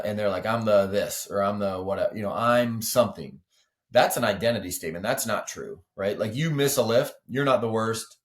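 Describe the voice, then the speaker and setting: A low-voiced man talking as a guest on a podcast, a weightlifting coach. He explains things earnestly and casually, peppering his sentences with 'like' and 'you know'.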